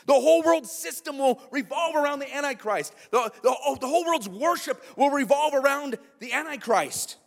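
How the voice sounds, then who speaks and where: A male pastor preaching a sermon, animated, with frequent rhetorical questions to the congregation. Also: very high-pitched, moderate pace, vocal fry, few pauses, in a large hall.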